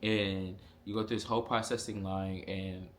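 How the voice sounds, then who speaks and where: A young man vlogging a casual storytime, animated and full of slang and profanity. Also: sits low, moderate pace, a little hiss or hum.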